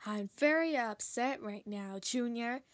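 Woman playing a reindeer dad, low, slow, halting, homemade toy video. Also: close to an everyday voice. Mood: calm. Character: deep-voiced male reindeer father, calm.

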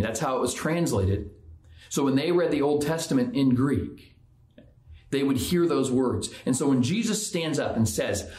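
A man's voice: mid-range voice, expressive, moderate pace, darkish tone, echoey room. A man giving a conversational sermon as a pastor, often restarting and repeating words. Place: church.

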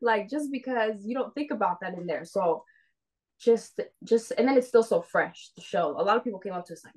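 A woman's voice: medium pitch, lively intonation, fairly quick, darkish tone, rough recording. A young woman in a casual interview, bubbly and saying "like" often. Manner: bubbly, heavy use of "like". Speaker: reality show winner, interviewee.

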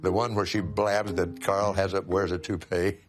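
A man's voice: low voice, level tone, moderate pace, music in the background. A man reminiscing conversationally in an interview.

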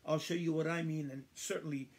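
A man leading a livestreamed Bible study, reading verses slowly and emphatically, repeating phrases and chatting to viewers. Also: a little high, steady tone. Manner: addresses viewers by name, conversational asides.

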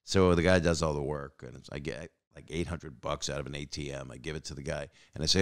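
A man in his sixties hosts a podcast in a very deep, fairly even voice, talking fast with hardly any pauses. He rambles through casual stories full of fillers and restarts, acting out other people's lines as he goes.

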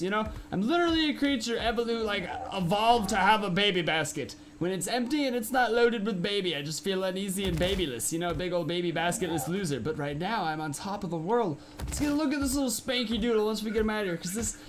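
Excitable high-voiced young man gaming. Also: a little hiss or hum. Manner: excitable, goofy, rambling, breaks into loud outbursts. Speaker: gaming YouTuber. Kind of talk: game commentary. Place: home gaming setup. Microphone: studio microphone.

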